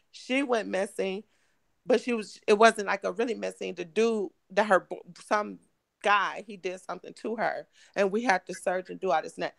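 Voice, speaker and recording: Hoarse, gravelly woman, halting speech. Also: mid-range voice, a bit bright, no echo. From Michigan. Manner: halting, repeats words, restarts often. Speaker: guest, mother of missing woman. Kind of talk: emotional interview talk.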